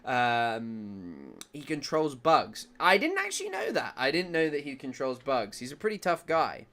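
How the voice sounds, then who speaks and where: A man's voice: mid-range voice, huge pitch swings, unhurried, bright, forceful tone. A man doing casual livestream news commentary, rambling and jokey, laughing often and reading chat comments aloud.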